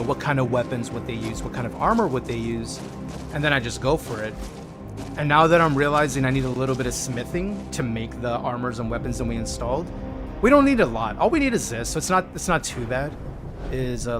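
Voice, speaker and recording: Man, game streamer, relaxed and chatty, faint music behind. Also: mid-range voice. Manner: relaxed, chatty, reads chat aloud. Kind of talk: casual game-stream chat.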